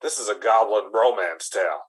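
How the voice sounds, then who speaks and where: A man narrating an improvised comedy scene in a casual, halting, playful way. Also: lowish voice, slightly rough, poor audio. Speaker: improv performer.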